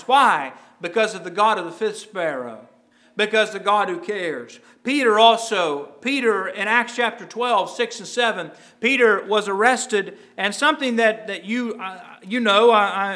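A man's voice: sits high, pushed and bright. A middle-aged male pastor preaching a sermon earnestly, often repeating words and restarting phrases.

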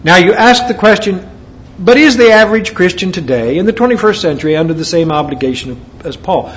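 High-pitched and expressive, a little on the fast side, an American man delivers a sermon that moves between scripture and folksy digressions. It's a muffled, low-fidelity recording with faint background noise.

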